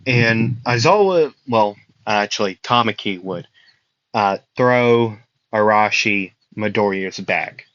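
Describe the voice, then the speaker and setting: A man improvising a fan story, narrating haltingly with many fillers and restarts. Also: fairly low pitch, animated, a bit bright, no echo. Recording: dull lo-fi dry recording.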